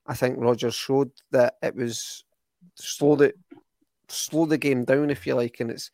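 Brief: young Scottish podcast co-host, enthusiastic rambling match talk, dry close sound. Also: male voice, mid-range voice, fairly even intonation, unhurried, vocal fry, darkish tone, no echo. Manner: rambling, restarts often, enthusiastic. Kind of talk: casual football chat.

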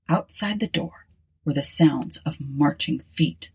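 Husky, slow-reading woman narrator. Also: low-pitched. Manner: wry, expressive storytelling. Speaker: audiobook narrator. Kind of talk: expressive audiobook narration.

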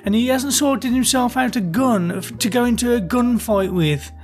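A man's voice: very high voice, normal speed, soft background music. Blunt, sweary male podcast co-host. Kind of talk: casual chat.

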